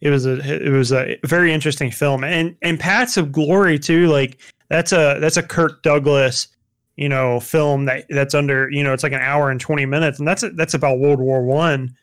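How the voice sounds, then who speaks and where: A man's voice: fairly high pitch, fairly even intonation, normal speed, a bit bright. A young man chatting casually about films, rambling with lots of fillers and restarts.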